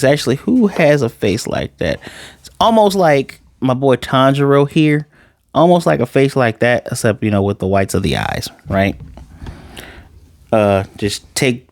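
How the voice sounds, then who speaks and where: A man casually reviewing an anime episode, joking asides and quickly paraphrasing the characters' lines. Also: lowish voice, darkish tone, dry recording. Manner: chatty, joking asides, paraphrases scenes in quick quoted voices. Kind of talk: casual spoken episode recap.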